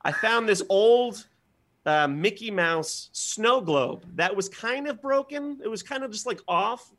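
A man in his thirties, a podcast guest, telling comic stories in an animated way, swearing and acting out voices. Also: high-pitched, unhurried. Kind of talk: comedic storytelling.

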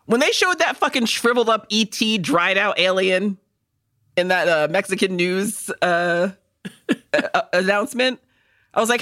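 A woman's voice: medium pitch, normal speed. A woman co-hosting a podcast, chatting casually with crude, joking humor. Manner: profane, joking, animated. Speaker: podcast co-host. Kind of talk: casual comedic chat.

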